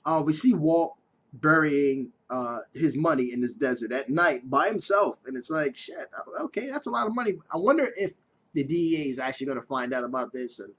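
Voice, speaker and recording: Male reviewer, higher voice, casual and profane, dull lo-fi recording. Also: lively intonation, a little fast, fairly bright tone. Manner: casual, chatty, swears freely. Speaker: TV episode reviewer.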